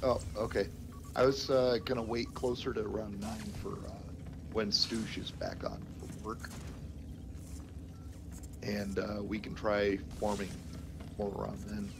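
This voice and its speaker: A man's voice: on the low side, little pitch movement, unhurried, creaky, pauses often. A man chatting hesitantly with many fillers while organizing a group in a gaming voice chat. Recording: noisy game voice chat.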